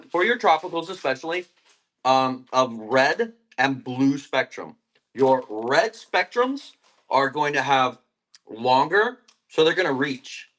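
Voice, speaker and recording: A man's voice: mid-range voice, a bit bright. Laid-back man rambling on a plant livestream. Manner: rambling, laid-back, eating while talking. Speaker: live-stream plant seller. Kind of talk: casual live-stream chat.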